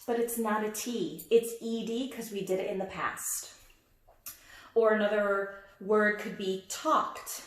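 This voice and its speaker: A woman's voice: mid-range voice, steady tone, measured pace, roomy sound. A woman teaching a phonics lesson and reading a picture book aloud, patient and encouraging, stretching out word sounds for young listeners.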